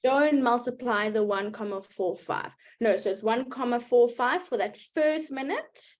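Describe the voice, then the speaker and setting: A woman leads a live online maths lesson from behind a streaming mic. Her voice sits slightly high and she moves at a slow, deliberate pace. She walks through each step patiently and keeps asking her students whether it makes sense. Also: animated. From South Africa. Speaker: maths teacher.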